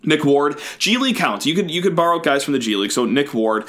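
A man co-hosting a casual sports podcast, animated and self-mocking, with his voice jumping up and down as he riffs. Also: quick pace. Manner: animated and self-mocking, with big pitch swings. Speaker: podcast co-host.

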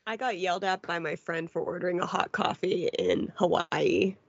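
Gravelly-voiced woman podcast host. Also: fairly low pitch, steady tone, moderate pace, dry recording. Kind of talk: casual chat. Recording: dull dry call audio.

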